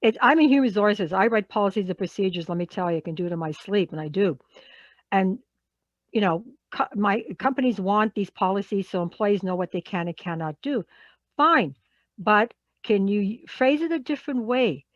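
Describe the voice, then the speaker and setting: A woman's voice: medium pitch, expressive, moderate pace, no room sound, lo-fi sound. A woman who works in human resources leads an online workshop in a conversational way. She poses questions to her audience and repeats key words.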